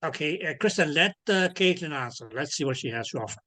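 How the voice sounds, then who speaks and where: Crowd noise sits behind a lecturer teaching an online class over a video call. He talks fast in a fairly high, expressive voice, patiently making sure students keep up and correcting himself frequently.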